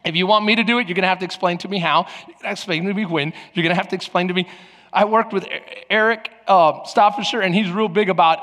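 A male pastor preaching a sermon in an animated way, acting out the voices of people in his story. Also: high voice, big-room sound.

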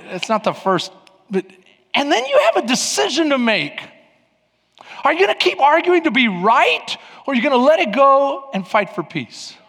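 A middle-aged man preaching a sermon, telling stories and acting out scenes, getting loud when worked up. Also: very high voice. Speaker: pastor. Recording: long hall reverb.

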